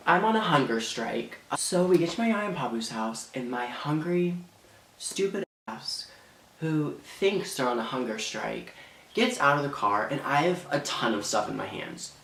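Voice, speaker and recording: A man's voice: a little high, big pitch swings, a little slow, gravelly, a bit bright, a little hiss or hum. A teenage boy telling a dramatic storytime in a rambling way, full of fillers. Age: teens. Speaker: vlogger. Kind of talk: storytime vlog. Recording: echoey room.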